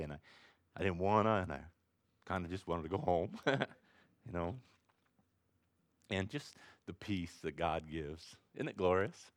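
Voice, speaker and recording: Low-voiced pastor preaching casually. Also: male voice, no room sound, studio quality. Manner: conversational, rambling, rising to excited emphasis. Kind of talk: informal sermon.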